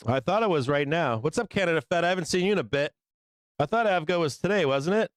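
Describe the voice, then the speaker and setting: A man's voice: a little high, expressive, fast talker, dry recording, studio quality. Profane, rambling male stream host. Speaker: livestream trading show host. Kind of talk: casual livestream chat.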